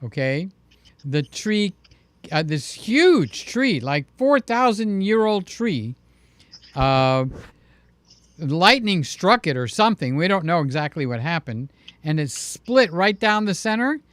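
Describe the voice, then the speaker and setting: Jokey guy hosting a livestream, clean smooth voice, dry close sound. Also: high-pitched, sing-song, takes it slowly, fairly bright tone, dry recording. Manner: chatty, jokey, acts out voices in stories. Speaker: livestream host. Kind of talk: casual live-stream chat.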